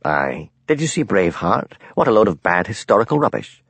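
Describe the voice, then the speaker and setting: A man's voice: on the low side, sing-song, fairly quick, creaky, breathy edge, dry recording, lo-fi sound, exaggerated voice. A man voicing a chatty hotel manager with sardonic opinions.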